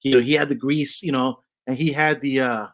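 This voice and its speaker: A man's voice: medium pitch, steady tone, fairly quick, fairly bright tone. A man hosting a casual chat podcast, rambling through stories with lots of fillers. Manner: rambling, many fillers and restarts. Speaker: podcast host.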